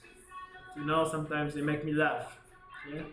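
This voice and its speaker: A man hosting a live trading stream, energetic and chatty, often laughing and calling out to viewers. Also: a little high, moderate pace. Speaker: livestream trading host. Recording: echoey room with faint music.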